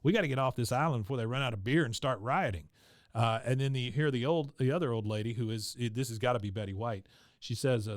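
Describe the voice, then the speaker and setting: A man's voice: mid-range voice, quick pace, no echo. A man talks loosely through a cartoon episode, reading out lines and laughing as he goes. His voice sits in an ordinary middle range. The sound is dry and close, with no room around it. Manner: laughs often, narrates scenes with quoted lines. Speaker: podcast co-host. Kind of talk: casual chat recapping an episode.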